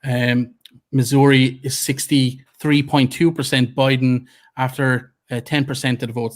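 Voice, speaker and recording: A man hosting live election-night commentary, reading out vote figures in a measured way with fillers. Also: mid-range voice, level tone. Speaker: host.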